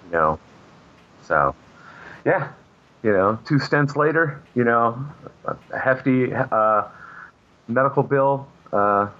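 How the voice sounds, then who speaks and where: In a casual interview, a man who draws comic books tells drawn-out anecdotes at a slow pace, pausing often. His medium-pitched voice has lively intonation, though he relies on many fillers and keeps restarting. The recording is lo-fi and muffled.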